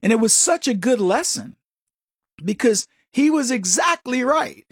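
A man hosting a talk radio show, telling personal stories and giving opinions in a rambling, animated way. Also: very high voice, measured pace, slightly rough, no echo, clean studio sound. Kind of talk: casual talk radio monologue.

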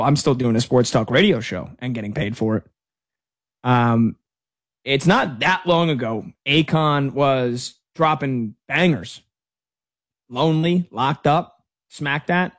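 A man's voice: medium pitch, measured pace, a bit bright. A man in his thirties hosting a sports talk radio show, chatting casually and rambling through stories with restarts. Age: 30s. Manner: rambling, storytelling with many restarts.

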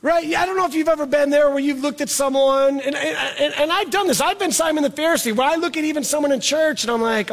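Delivering a sermon conversationally, a middle-aged pastor speaks in a very high-pitched voice. He leans on repetition for emphasis and slows down whenever he reaches a key word.

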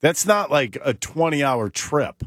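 A man's voice: a little high, expressive, a little slow, fairly bright tone, no room sound, studio quality. A man co-hosting a sports talk show, talking in a laid-back, plainspoken way.

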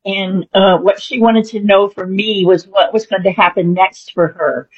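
Husky woman author telling her story. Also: medium pitch, steady tone, a little slow, dull audio. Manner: thoughtful, meandering, with many fillers. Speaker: author and interview guest. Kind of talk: conversational interview.

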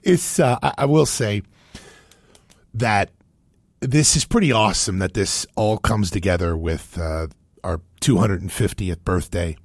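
A man's voice: fairly low pitch, a little slow, dry recording. A man from Cincinnati hosting a show, chatting casually and with animation about video clips. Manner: animated, chatty, laughs often. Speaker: host.

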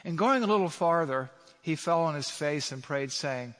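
A man's voice: on the high side, lively intonation, moderate pace, fairly bright tone. A man preaching a sermon as a pastor, speaking with emphasis and throwing rhetorical questions at his congregation. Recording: long hall reverb.

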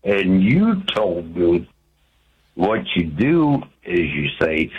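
A male caller speaks to a radio host over a dull, lo-fi phone line. His low, husky voice moves very slowly, plainspoken and unhurried. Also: big pitch swings. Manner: slow, plainspoken storyteller. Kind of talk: phone call to a radio show.

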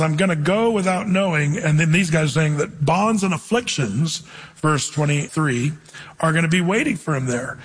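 High-voiced, husky male preacher. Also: in a large hall. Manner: conversational, tells anecdotes, reads scripture slowly. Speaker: pastor. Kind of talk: sermon teaching through scripture.

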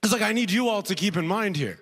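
A man's voice: high-pitched, expressive, fast, a bit bright, husky, in a large hall. A man from Alberta performing a stand-up comedy set on a festival stage, talking conversationally and tossing in frequent "right?" asides. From Alberta, Canada. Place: comedy festival stage before a live audience.

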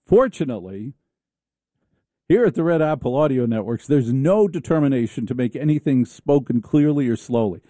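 A man's voice: mid-range voice, expressive, moderate pace, mellow, dry recording, studio quality. A man hosting a talk radio show, riffing in a sarcastic, theatrical comic monologue.

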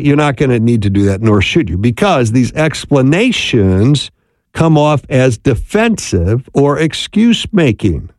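Gravelly man teaching on marriage. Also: medium pitch, a little mellow, no echo, studio quality. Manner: conversational, keeps asking "right?". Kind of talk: talk on marriage.

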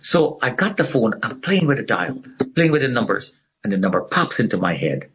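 A man's voice: medium pitch, brisk. A man telling a personal story as an interview guest, acting out what other people said. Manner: animated storyteller who acts out the dialogue of others.

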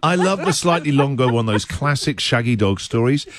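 A man's voice: medium pitch, expressive, normal speed. A man hosting a radio breakfast show, bantering with callers in an upbeat, teasing way and laughing easily.

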